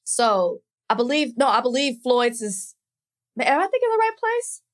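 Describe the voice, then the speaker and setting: A woman's voice: sits high, very animated, normal speed. A woman from Dallas, co-hosting a podcast in casual chat, teasing and laughing often. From Dallas, Texas. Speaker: podcast co-host.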